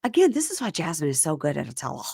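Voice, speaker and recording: A woman hosting a casual recap chat, retelling scenes and quoting people in lively voices. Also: sits low, quick pace, creaky, slightly rough, no room sound, clean studio sound. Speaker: podcast host.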